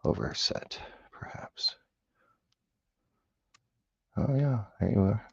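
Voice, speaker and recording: A man with a low, gravelly voice talks his way through picking a lock, dropping to mutters and whispers aimed at the pins and swearing when they fight back. The sound is dry and close with no room around it. The audio is a little dull and lo-fi, like a basic camera mic. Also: lively intonation, slow, no echo. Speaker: hobbyist lock picker. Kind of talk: casual talk-along while lock picking.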